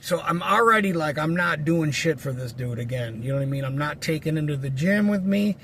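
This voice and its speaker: A man's voice: on the high side, animated, a little fast, fairly bright tone, a little hiss or hum. A man telling a rambling story in a casual, profane monologue. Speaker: vlogger.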